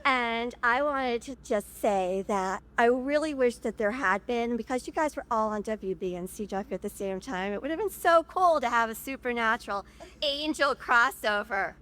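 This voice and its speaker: A woman's voice: on the high side, normal speed, a bit bright. A woman in the audience at a fan panel, asking a gushing, heartfelt question.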